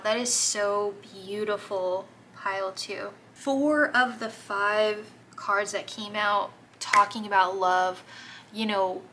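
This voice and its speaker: A woman giving a gentle, encouraging tarot reading to her viewers, gushing over the cards as she turns them. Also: mid-range voice, slight background noise, rough recording. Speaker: tarot reader.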